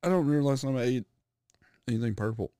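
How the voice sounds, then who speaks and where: A man co-hosting a podcast, swearing and laughing as he tells quick stories in casual banter. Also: medium pitch, expressive, dark tone, clean tone, no room sound, clean studio sound. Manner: profane, laughing, quick bursts of storytelling. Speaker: podcast co-host.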